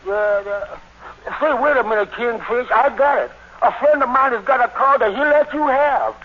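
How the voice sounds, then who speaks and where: A very high, stammering sidekick. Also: male voice. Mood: earnest. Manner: stammering, halting. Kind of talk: 1950s radio comedy acting. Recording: thin phone-like old radio broadcast.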